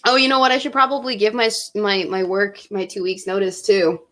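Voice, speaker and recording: A woman's voice: medium pitch, little pitch movement, fairly quick, fairly bright tone. Emotional, swearing young college woman. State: drinking, tipsy. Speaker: college student vlogger. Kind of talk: casual vlog chat.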